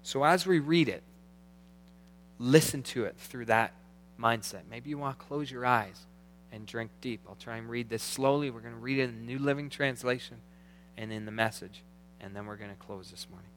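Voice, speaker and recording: A man preaching a sermon as pastor, earnest, slowing down to read scripture aloud. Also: medium pitch, a bit bright, slight background noise. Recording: long hall reverb.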